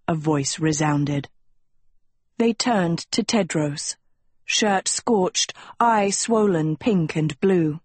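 A woman reads a novel aloud at an unhurried pace, her low voice soft and husky. The narration is measured and even, recorded dry and close with no room sound. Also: dry recording. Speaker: audiobook narrator. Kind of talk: scripted narration.

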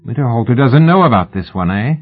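A man voicing a raucous but kindly young woman in a high, bright, chatty voice. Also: lively intonation, fairly quick, soft background music, lightly acted. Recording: phone-like narrow band.

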